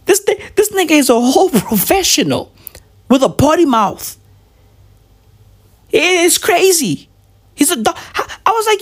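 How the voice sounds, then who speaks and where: A woman's voice: high-pitched, big pitch swings, moderate pace. A tired woman doing a profane, rambling comedic rant that keeps drifting off on tangents.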